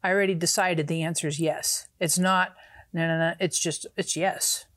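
A woman's voice: fairly low pitch, steady tone, normal speed, a bit bright, dry recording. A woman co-host of a faith talk show, asking questions eagerly and chiming in with short affirmations. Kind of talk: interview chat.

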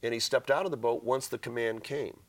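A man's voice: mid-range voice, fairly even intonation, a little fast. A man, a guest author on a Christian interview program, telling a story in an earnest way and reading scripture passages aloud with feeling.

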